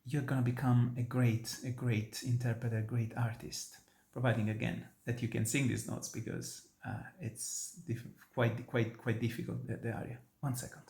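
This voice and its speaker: An Italian man, a native speaker with an Italian accent, earnestly and emphatically explains an opera aria to students, often restarting sentences, as an opera tenor and voice teacher giving an instructional talk on singing. His mid-range voice is creaky and darkish, with a level tone, moderate pace, and hardly any pauses.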